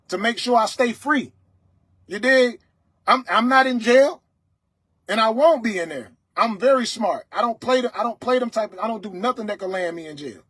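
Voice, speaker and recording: An adult man, a father of several children, hosts a livestream and delivers a loud, stern, preachy motivational talk to his viewers, using dialect grammar and repeatedly asking "you understand me?" His voice is high for a man with a husky grain, and the sound is close and dry with no room echo.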